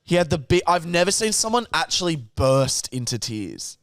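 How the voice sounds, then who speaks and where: A young man tells a wild story on a casual podcast, his pitch leaping all over as he acts out the people in it. He swears freely and keeps it loose. The sound is close and dry. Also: normal speed, no echo. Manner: animated storyteller, swears a lot, acts out scenes. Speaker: podcast co-host. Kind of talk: casual chat.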